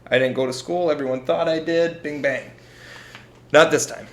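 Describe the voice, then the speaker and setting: A man's voice: on the high side, moderate pace, echoey room. A young man co-hosting a podcast, telling a story in a casual, profane way and acting out the quotes. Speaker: podcast co-host.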